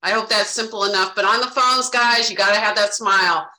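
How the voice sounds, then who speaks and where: A woman's voice: mid-range voice, steady tone, fairly quick, sharp tone, echoey room, poor audio. A woman giving sales tips in a group discussion, talking in a bubbly, emphatic, over-the-top way. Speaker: sales agent sharing tips.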